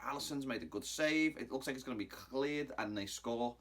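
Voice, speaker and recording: A man's voice: mid-range voice, a little fast, fairly bright tone. A man in his thirties recapping a football match in a casual, cheeky style, mocking rivals and wandering off topic. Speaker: football fan vlogger.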